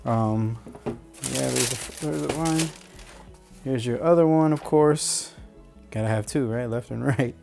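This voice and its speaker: A man's voice: mid-range voice, slow, vocal fry, pauses often, darkish tone, soft background music. Male boot reviewer, easygoing unboxing talk, hesitant and rambling. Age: adult. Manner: rambling, self-correcting, hesitant fillers.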